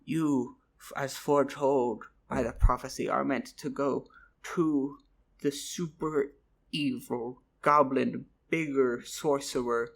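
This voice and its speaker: A man's voice: medium pitch, steady tone, slow pace, creaky. A man voicing a fretful old male goblin blacksmith who is dramatic and flustered, stammering through an improvised comic story. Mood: conspiratorial.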